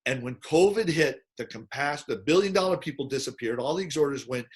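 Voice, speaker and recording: Man, host, casual chat, animated storyteller, slightly high voice. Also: quick pace.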